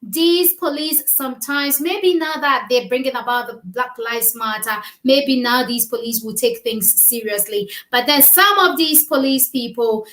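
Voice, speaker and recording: A woman's voice: sits high, unhurried, few pauses, fairly bright tone. A woman co-hosting a casual chat, talking earnestly and emphatically, often repeating her words. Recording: echoey room.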